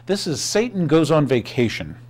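A male host delivers a news commentary monologue, sarcastic and full of rhetorical questions. His voice sits slightly high and swings lively in pitch. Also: normal speed.

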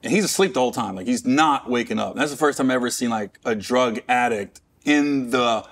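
A man's voice: medium pitch, brisk, a bit bright. A middle-aged man from Cincinnati, a comedian guest, telling a personal story candidly with restarts and wry asides. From Cincinnati, Ohio. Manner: rambling, with restarts and self-mocking asides.

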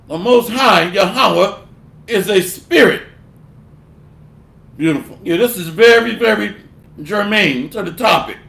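A man's voice: sits high, gravelly, fairly bright tone. A man preaching a scolding sermon, delivering a fiery rebuke and mocking others with put-on voices. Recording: echoey room.

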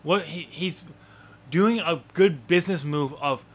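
A man's voice: a little high, unhurried. A man co-hosting a wrestling podcast, talking casually and rambling with many fillers and restarts. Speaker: podcast co-host.

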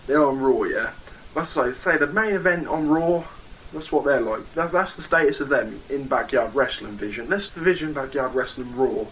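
A man's voice: mid-range voice, expressive, normal speed. A young English man cutting a boastful, profane wrestling promo and taunting a rival. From England. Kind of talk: trash-talking wrestling promo. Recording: dull lo-fi home video with faint noise.

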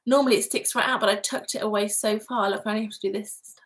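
A woman's voice: medium pitch, steady tone, quick pace, a bit bright, rough recording. A woman hosting a live craft vlog, chatting casually and giggling as she reads out viewer comments. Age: adult parent. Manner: chatty and giggly, rambling asides.

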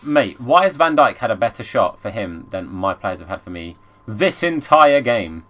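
A young man commenting live on a football video game as a streamer, chatting with viewers and bursting into excited shouts at the play. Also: on the low side, fairly quick. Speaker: gaming streamer. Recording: faint background music.

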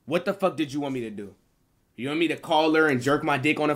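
A man's voice: a little high, fast. A man streaming on a video chat app, chatting in a joking, slangy, profane way. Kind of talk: casual chat.

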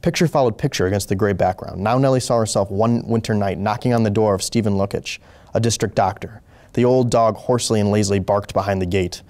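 A man reading a short story aloud as host, slow and deliberate with occasional small slips. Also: lowish voice, darkish tone. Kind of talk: measured story narration.

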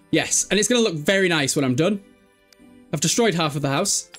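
A young man casually commenting on a life-sim game, laughing often and yelling at the characters. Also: fairly high pitch, expressive, fairly quick. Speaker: streamer. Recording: faint music behind.

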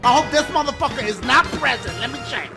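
Loud, profane man shouting over a game. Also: animated, quick pace. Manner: loud, profane, swings between shouts and low mutters. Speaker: gaming YouTuber. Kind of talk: game commentary. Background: game music.

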